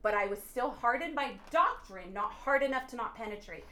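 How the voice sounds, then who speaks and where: A woman on a podcast sharing an animated faith testimony, earnest and preachy, often bursting into laughter and exclamations. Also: on the high side, brisk. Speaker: podcast guest. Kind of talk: excited faith testimony chat.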